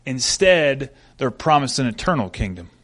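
A young adult man preaching a sermon, telling stories with an animated delivery that swings from quiet to loud. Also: mid-range voice, normal speed. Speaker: pastor.

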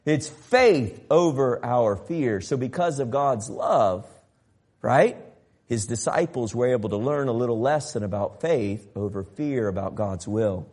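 A man preaching a sermon, swinging from loud emphatic passages to quiet soft ones and acting out the voices of Bible figures. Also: mid-range voice, lively intonation, unhurried. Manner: acts out biblical voices in an exaggerated tone. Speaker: pastor.

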